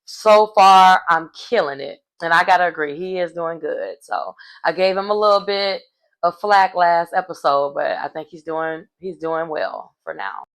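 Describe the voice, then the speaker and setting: A woman's voice: on the low side, normal speed. Chatty woman recapping a reality show. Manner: chatty, slangy, wry asides. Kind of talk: casual recap commentary.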